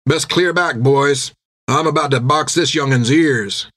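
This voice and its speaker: A man voicing a brawny, quarrelsome male sailor who threatens in rough slang, pitched above his own voice. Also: a little slow, a bit bright, dry recording, studio quality. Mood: menacing.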